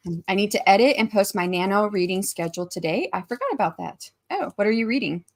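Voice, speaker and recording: This livestream host, a woman in her forties, talks casually during a writing stream, greeting people by name and reading their messages out loud. Her mid-range voice is expressive, and she speaks at a quick pace.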